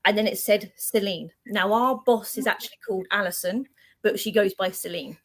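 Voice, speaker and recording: Woman telling lively ghost-hunt stories. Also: mid-range voice, moderate pace, poor audio. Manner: lively anecdotal storytelling, acting out dialogue. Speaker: guest paranormal investigator. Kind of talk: casual chat.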